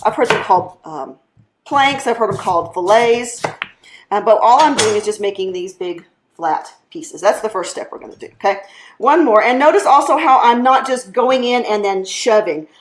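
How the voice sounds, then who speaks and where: A woman's voice: medium pitch, echoey room. A woman hosting a casual live cooking demonstration, chatty and laughing often, with plenty of fillers as she works. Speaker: cooking show host.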